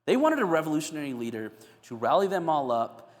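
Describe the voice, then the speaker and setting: Animated male pastor in echoey church. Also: fairly high pitch, quick pace. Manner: animated storytelling, acting out scenes. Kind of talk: sermon.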